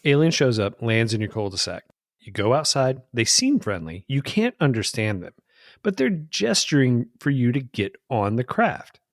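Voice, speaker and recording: A man co-hosting a casual podcast, playful with quick interjections. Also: medium pitch, big pitch swings, no echo, clean studio sound. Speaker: podcast co-host.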